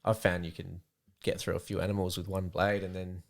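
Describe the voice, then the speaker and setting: A plain-spoken man talks as a podcast guest about hunting. His voice sits low, with a gravelly fry at the bottom. He keeps it easygoing and laughs often. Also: level tone, fairly quick. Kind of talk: casual chat.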